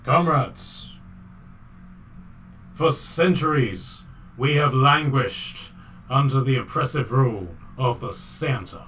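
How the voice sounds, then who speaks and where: A man's voice: medium pitch, takes it slowly, long pauses, a bit bright, distant mic, slight background noise. A man voicing a sinister male reindeer leader with a mock Russian accent, giving a bombastic rallying speech. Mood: rousing.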